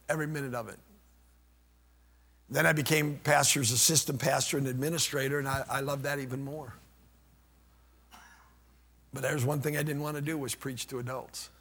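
An older man preaches with fervor, his voice climbing to shouts and sinking to near whispers. His tone is bright and a little husky. Long church reverb trails each phrase. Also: mid-range voice. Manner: impassioned, rising to shouts then dropping to near whispers. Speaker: pastor. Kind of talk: sermon.

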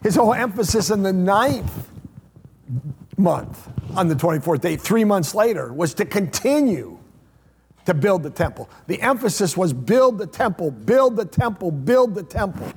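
A man preaching a sermon as pastor, repeating phrases and swinging between loud emphatic lines and hushed low ones. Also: sing-song, measured pace, slight background noise. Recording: long hall reverb.

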